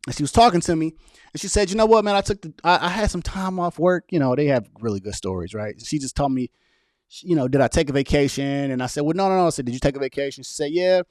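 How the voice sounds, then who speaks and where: Animated young man arguing with his chat. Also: fairly high pitch, fast talker, no room sound, clean studio sound. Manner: animated, argumentative, talks straight to viewers. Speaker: political vlogger reading live chat. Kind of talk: casual livestream commentary.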